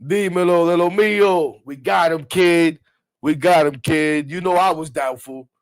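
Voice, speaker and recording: A man hosting a live stream in excited casual chat, laughing often, swearing freely and shouting out friends. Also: on the high side, unhurried, clean tone.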